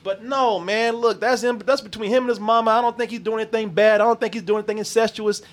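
A man's voice: sits high, fairly even intonation, fast. A man hosting a casual podcast chat, a loose, profane storyteller who laughs often. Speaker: podcast host.

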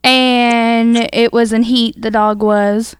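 A woman co-hosting a podcast, telling a childhood story in animated casual chat and laughing as she goes. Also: a little high, takes it slowly, smooth, no echo. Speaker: podcast co-host.

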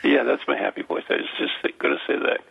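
A man with a New England accent hosting a radio show, chatting loosely with many fillers. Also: quick pace. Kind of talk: casual radio chat. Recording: dull lo-fi radio broadcast.

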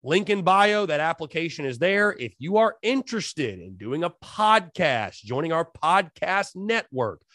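A man hosting a solo sports podcast, talking straight to his listeners in an animated, hype-filled way. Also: fairly high pitch, a little slow, few pauses, dry recording, clean studio sound. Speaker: podcast host.

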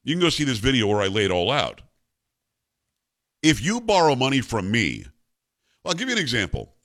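A man's voice: medium pitch, huge pitch swings, a little fast, fairly bright tone. A man in his fifties hosting a talk radio show, giving opinionated commentary in an emphatic, conversational way and mixing in personal stories.

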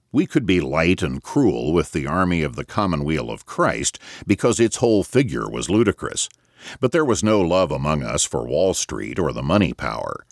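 Low-voiced guy reading an old novel, lots of up and down, measured. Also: gravelly, no room sound, clean studio sound. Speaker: audiobook narrator. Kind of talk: scripted audiobook narration.

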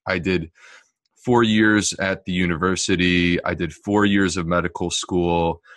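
A man's voice: sits low, dry recording, studio quality. A middle-aged American man, a gastroenterologist, talking casually and jokingly as a podcast guest over a remote call. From United States. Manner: chatty, joking, animated asides.

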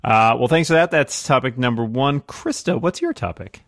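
A man's voice: mid-range voice, lively intonation, normal speed, fairly bright tone, no room sound, studio quality. A man hosting a casual podcast from his office, wry and self-deprecating as he moves the topics along. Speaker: podcast host. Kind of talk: casual chat.

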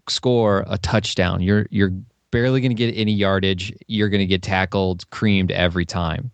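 A man's voice: lowish voice, no echo. A man as a podcast guest in casual interview chat, enthusiastic and explaining with sports analogies.

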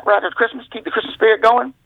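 A man's voice: fairly even intonation, racing. A man voicing a sly, hungover male caddy, bluffing in a put-on drawl over a phone line. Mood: folksy. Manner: high put-on drawl, fake accent.

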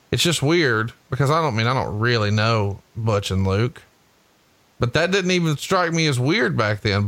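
A man's voice: mid-range voice, fairly bright tone, no room sound. Profane joking man. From Alabama, US. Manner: profane, jokey, laughs a lot. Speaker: wrestling podcast co-host. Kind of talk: casual chat, watching old wrestling.

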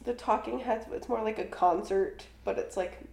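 A young woman in casual podcast chat, her voice a touch higher than most. She talks breezily in quick asides, and the room around her rings with echo. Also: creaky, a little mellow. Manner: breezy, quick quips, laughs often. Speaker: podcast co-host. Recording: roomy echo.

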